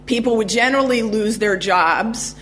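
A woman giving a public history lecture, telling a story in a measured way with frequent ums and uhs. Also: fairly high pitch, fairly bright tone, slight background noise.

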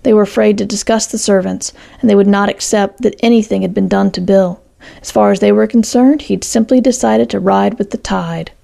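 Woman, story narrator, steady measured reading, heavily gravelly voice, mellow dark tone. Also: medium pitch.

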